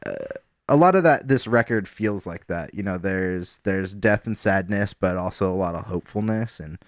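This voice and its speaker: A man co-hosts a laid-back music podcast, talking low and unhurried. He circles around his points with fillers and restarts. The sound is close and dry, with no room in it. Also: no echo. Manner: rambling, halting, many restarts and fillers. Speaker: podcast co-host. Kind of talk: casual chat about music.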